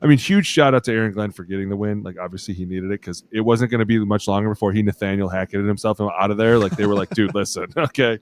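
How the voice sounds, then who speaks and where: A man's voice: lowish voice, fast, few pauses. A man co-hosting a football podcast, telling stories in casual profane chat and acting out quotes. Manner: profane, storytelling, acts out quotes. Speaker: podcast co-host, former lineman.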